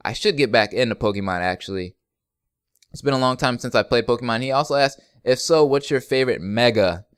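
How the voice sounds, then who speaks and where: A young man chats through fan questions in a loose, joking way, laughing often as he goes. His voice sounds smooth and clear, recorded close with a dry, dead sound. He rambles easily from one answer to the next. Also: medium pitch, no echo. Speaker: YouTube gaming channel host. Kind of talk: casual Q&A vlog.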